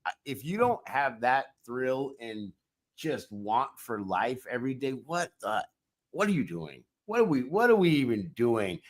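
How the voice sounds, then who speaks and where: A man co-hosting a podcast, giving an emphatic, energetic pep talk. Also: medium pitch, unhurried. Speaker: podcast co-host.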